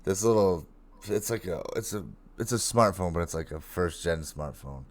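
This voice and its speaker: Man, lowish voice, co-host, casual morning show chat, laughs a lot, home desk mic. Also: moderate pace. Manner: laughs often, relaxed storytelling.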